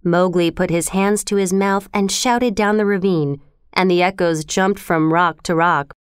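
A woman narrating a children's adventure story in a steady, expressive way. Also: lowish voice, measured pace, smooth, no room sound, clean studio sound. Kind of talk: scripted narration.

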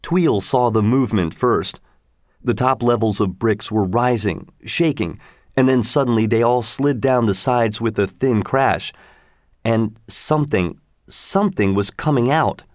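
A man reads a science fiction story aloud in a lively, conversational way, his voice sitting at a middle pitch. The recording is close and dry, with no room echo. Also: measured pace.

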